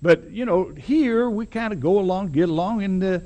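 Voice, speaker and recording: A smooth, ingratiating old boss man of a small town, as a preacher puts him on, his voice pushed up high above the speaker's own. He drawls and coaxes, calling people "son" and stretching out every "well, now." The pitch rolls and swoops as he talks. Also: animated, moderate pace, mellow. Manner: drawling, folksy, coaxing. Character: ingratiating older Southern male town boss.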